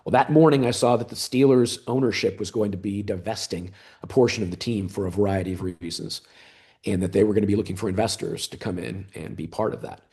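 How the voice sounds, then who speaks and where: A man in his fifties, a guest in an interview, telling a story in a conversational way, animated and often pausing on fillers. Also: lowish voice. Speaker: interview guest, former gaming executive.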